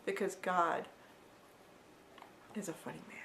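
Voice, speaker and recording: Gravelly-voiced woman telling a story. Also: fairly low pitch, steady tone, unhurried, fairly bright tone, a little hiss or hum, poor audio. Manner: repetitive, conversational retelling with frequent asides. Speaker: vlogger. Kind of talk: personal storytelling vlog.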